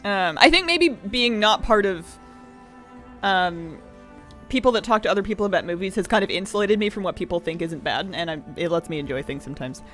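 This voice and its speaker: A woman's voice: mid-range voice, brisk, fairly bright tone, soft background music. A young woman streamer chatting casually with viewers, telling rambling stories with laughs.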